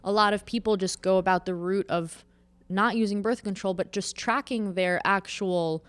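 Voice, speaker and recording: A woman's voice: mid-range voice, steady tone, normal speed, smooth. A young adult woman co-hosting a casual podcast chat, blunt and swearing freely. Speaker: podcast co-host.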